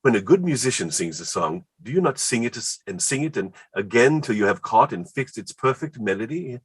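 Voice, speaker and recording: A man reading the part of an excitable, word-smitten Elizabethan poet in a staged play reading, rhapsodic and quick to laugh. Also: mid-range voice, breathy edge. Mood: rapturous.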